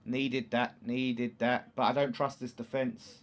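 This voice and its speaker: A man's voice: mid-range voice, level tone, unhurried. Chatty East London man hosting a watchalong. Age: 30s. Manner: chatty, reads out viewer comments, erupts into loud shouts at chances. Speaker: livestream host. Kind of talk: casual football watchalong chat.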